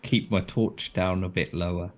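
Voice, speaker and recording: A man's voice: deep voice, steady tone, moderate pace. A man playing a tabletop game, making wry jokes about his character. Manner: wry, joking. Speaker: player. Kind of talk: casual tabletop play.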